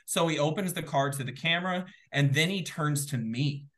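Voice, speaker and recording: A fairly high-voiced man retells an exciting moment as a guest in a casual interview. He talks in an excitable, animated rush, stacking up fillers and little asides as he goes. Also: moderate pace. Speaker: guest, former game show contestant.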